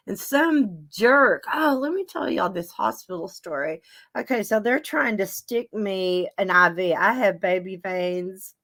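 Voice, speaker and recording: A woman's voice: medium pitch, lively intonation, measured pace, gravelly, fairly bright tone. A woman, chatting and telling a story to her viewers as a show host. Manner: chatty storytelling, reading viewer comments aloud. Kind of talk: casual chat to a live audience.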